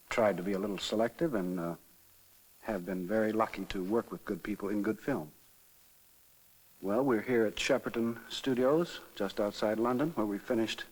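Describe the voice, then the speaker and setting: A middle-aged actor being interviewed at a film studio, speaking in a measured, halting way with many filler pauses. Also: male voice, fairly low pitch. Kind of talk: archival film-set interview. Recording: reverberant 1960s archive interview.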